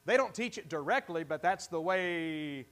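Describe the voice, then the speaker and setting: High-voiced pastor quizzing his congregation. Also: animated, a bit bright. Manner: conversational, asks the congregation questions; halting, with many restarts. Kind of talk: interactive sermon. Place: church.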